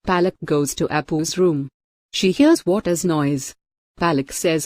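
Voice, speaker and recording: A woman's voice: low-pitched, unhurried, darkish tone, dry recording. Woman narrating a TV serial recap.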